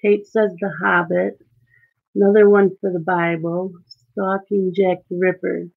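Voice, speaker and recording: This coloring streamer has a lowish, level voice with vocal fry, delivered unhurriedly through narrow, tinny audio. She colors while casually chatting, reading viewers' comments out loud and replying.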